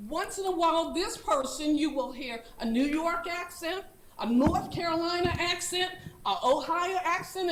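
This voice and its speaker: A woman's voice: very high voice, a little hiss or hum. An older woman speaking earnestly and unscripted during public comment at a school board meeting, with a laugh now and then. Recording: echoey meeting room.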